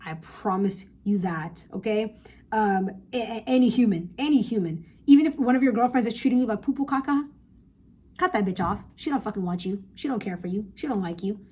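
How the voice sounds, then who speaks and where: A young woman vlogger with a slightly high, dark, slightly rough voice talks briskly in a casual podcast-style rant. She gives viewers blunt, emphatic, profane advice, captured on a phone camera.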